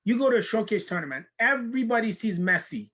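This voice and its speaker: A Canadian university soccer coach talks in a casual video-call interview, his voice high, husky, and quick. The recording is low quality. He tells stories animatedly, acting out the people he quotes.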